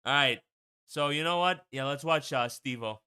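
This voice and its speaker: A young man streaming live with a bright, sharp voice that comes through smooth and clean. He rambles casually and swears freely as he chats to his viewers. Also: fairly high pitch, moderate pace. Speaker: streamer hosting a watch party.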